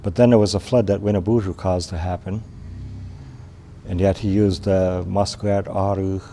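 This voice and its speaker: Male storyteller from Wisconsin, low gravelly voice, mellow, unhurried oral telling. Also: little pitch movement, slight background noise. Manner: unhurried, plain-spoken, with pauses and restarts.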